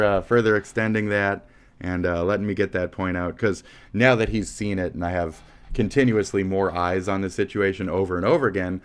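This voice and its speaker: An American man hosting a livestream, ranting angrily at chatters with heavy profanity. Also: sits low. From United States. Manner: heated, profane, insulting chat. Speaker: livestream host. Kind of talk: angry livestream rant.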